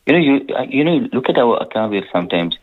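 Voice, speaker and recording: A man speaking earnestly and warmly about his father as a guest on a radio interview, with many "you know" restarts. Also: mid-range voice, sing-song, fast. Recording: tinny radio phone line.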